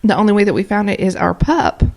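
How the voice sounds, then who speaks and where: A woman's voice: mid-range voice, expressive, fast talker, vocal fry, a little mellow, a little hiss or hum. A woman co-hosting a paranormal radio show who tells a story in a chatty, rambling way with many fillers. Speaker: co-host. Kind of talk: casual podcast chat.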